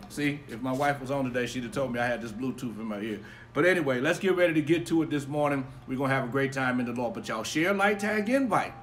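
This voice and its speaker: A man preaching as a pastor on a casual live stream, giving upbeat shout-outs to viewers and telling a personal story in a quieter voice. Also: on the high side. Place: home backyard.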